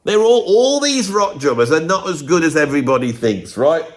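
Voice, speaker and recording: Hosting his own video, a drummer rambles bluntly through his opinions in a casual monologue, occasionally debating himself. His voice sits on the high side, with a sing-song lilt at a normal speed.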